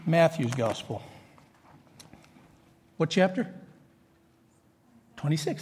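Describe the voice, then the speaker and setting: A man preaching a sermon in an animated, conversational way. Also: sits high, moderate pace, slight background noise. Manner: animated, conversational preaching with jokes and acted quotes. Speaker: pastor. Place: church hall with congregation. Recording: echoey church hall.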